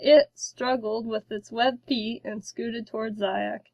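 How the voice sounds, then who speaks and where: A woman narrating a children's storybook in a slow, careful reading. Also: on the high side, steady tone, darkish tone, no room sound, rough recording.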